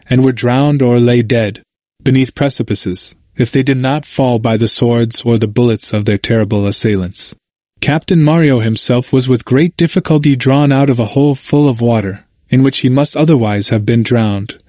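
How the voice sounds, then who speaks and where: A man narrating a history audiobook in a measured, formal manner. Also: mid-range voice, darkish tone, dry recording, studio quality.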